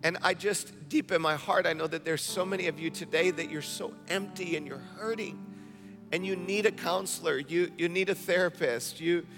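A male pastor preaching a sermon in an energetic, conversational style, repeating phrases for emphasis. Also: high voice, moderate pace, music in the background. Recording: long hall reverb.

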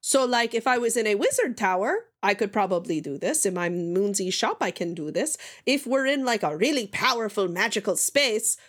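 A woman voicing a talking haunted sword with a put-on fantasy accent, speaking in an indignant, fussy, deliberate way. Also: medium pitch, very animated, fairly bright tone.

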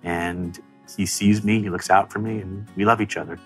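A man's voice: fairly low pitch, fairly even intonation, normal speed, faint music behind. A man in his thirties, an interview guest telling an emotional personal story in an earnest, reflective way, his voice rising as he speaks.

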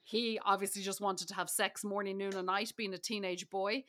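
A woman co-hosting a podcast, talking through a film in a quick, lively way. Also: mid-range voice. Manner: lively, quick, laughs often. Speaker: podcast co-host. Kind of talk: casual film review chat.

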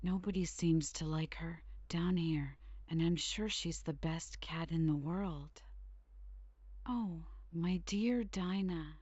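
Soft wistful young girl woman reading it, slow mellow bedtime voice. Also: on the low side, no room sound, dull audio. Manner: soft, wistful, drifting into whispers.

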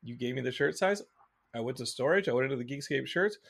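A man hosting a podcast, chatting casually and telling a rambling, animated story. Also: mid-range voice, fast talker, vocal fry, husky. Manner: rambling, animated storytelling, reads out viewer comments. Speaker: podcast host. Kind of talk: casual chat.

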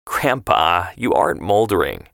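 A man's voice: low voice, sing-song, unhurried, creaky, fairly bright tone, no room sound, clean studio sound, exaggerated voice. Man reading as a hesitant teenage girl. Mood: earnest. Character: polite, eager-to-please teenage girl.

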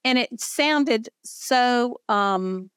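A woman's voice: fairly high pitch, very slow, a bit bright, clear, resonant tone, no room sound, studio quality. An older woman with a Southern accent hosting a podcast interview, chatty and effusive. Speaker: podcast host. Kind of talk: casual interview chat.

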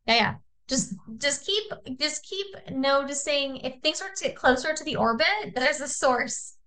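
Woman, young adult, podcast co-host, bright voice, animated storyteller, swears freely. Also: high-pitched, unhurried, rough recording. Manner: animated, swears freely, acts out quoted texts. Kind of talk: casual chat, storytelling.

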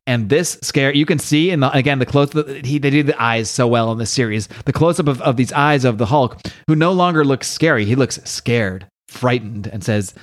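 Animated man recapping a comic. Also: mid-range voice. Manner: animated, reads out quotes with slow dramatic emphasis. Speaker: podcast host. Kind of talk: casual recap of a comic book.

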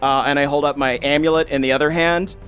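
A man playing a tabletop game, relaxed, describing his actions step by step. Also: on the high side, quick pace, soft background music. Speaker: player.

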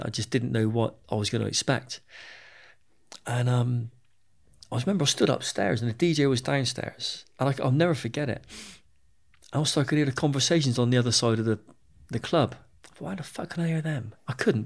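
A British man who was once a soldier tells his own story to an interviewer. His voice is gravelly with a rough, fry-laden edge. He speaks frankly, swears freely and often repeats himself mid-sentence. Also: medium pitch. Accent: British English. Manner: candid and plain-spoken, swears freely, repeats words as he goes. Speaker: interview guest, former soldier.

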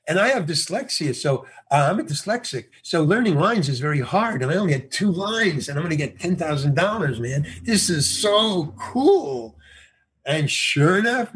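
A man's voice: on the high side, a little hiss or hum. A man telling a casual anecdote, acting out the dialogue and laughing often. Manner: animated storyteller, acts out dialogue, laughs often.

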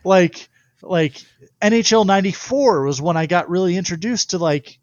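A young man, a baseball pitcher, telling stories in a casual interview and laughing often. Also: normal speed, dry recording, highs cut off.

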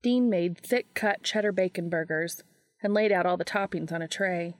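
A woman narrates a fan fiction audiobook in a steady, measured manner. Her voice sits a little low. The recording is close and dry with no room sound. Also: dry recording.

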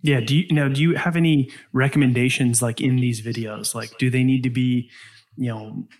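Brief: male host, mid-pitched, easygoing interviewer voice. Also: steady tone, normal speed, a little mellow. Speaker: podcast host.

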